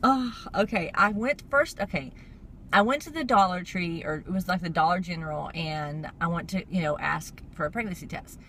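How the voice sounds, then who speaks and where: A woman's voice: fairly low pitch, normal speed, sharp tone, a little hiss or hum. A young woman with a stuffy nose, rambling through a story in a casual vlog and laughing along the way. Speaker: vlogger.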